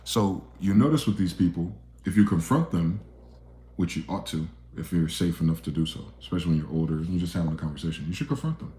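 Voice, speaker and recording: Deep-voiced man ranting in an echoey room. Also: fast. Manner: blunt, profane, emphatic, swings between loud outbursts and low asides. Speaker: video commentator. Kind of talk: profane ranting monologue.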